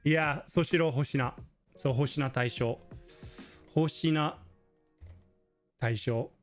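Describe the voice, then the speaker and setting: A chatty man hosts a live question-and-answer stream, his voice sitting a little higher than most men's. He rambles casually with plenty of fillers and now and then jumps up high to mimic someone. Faint music plays behind him. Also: unhurried. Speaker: livestream host.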